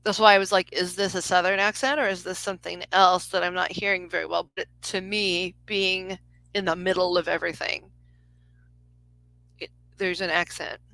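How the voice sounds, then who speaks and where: A woman in her forties talks a caller through a live psychic reading. She rambles, restarts her sentences and fills the gaps with "like" and "um". Her voice is bright and forward, and the recording is dry and close. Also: fairly low pitch, level tone, moderate pace, no room sound, low-quality recording. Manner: rambling, self-interrupting, lots of fillers. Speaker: psychic reader. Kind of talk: live reading on a phone call.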